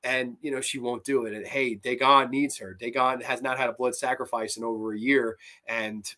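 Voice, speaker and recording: A man with a bright, forward voice recaps a horror movie in loose, rambling chat. He swears freely and piles on fillers as he goes. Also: medium pitch, fairly even intonation, moderate pace. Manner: profane, rambling, enthusiastic retelling. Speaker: podcast host. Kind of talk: casual movie review chat.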